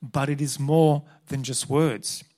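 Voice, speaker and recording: A man's voice: medium pitch, steady tone, slow, warm tone. A man preaching a sermon, earnest and emphatic as he reads Scripture and drives his points home. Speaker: pastor.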